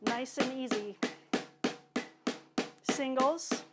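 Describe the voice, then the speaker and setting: A woman teaching drum exercises, calmly cueing each one while she plays. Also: high-pitched, very slow, over loud music. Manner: calm, counts and cues exercises while playing. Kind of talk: instructional demonstration. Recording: talk over loud drumming and metronome.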